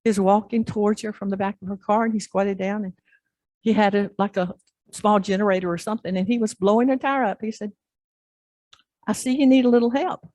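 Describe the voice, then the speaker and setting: A woman pastor preaching in church, telling a story in an animated way and acting out the scenes. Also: medium pitch, fast, dry recording. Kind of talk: sermon storytelling.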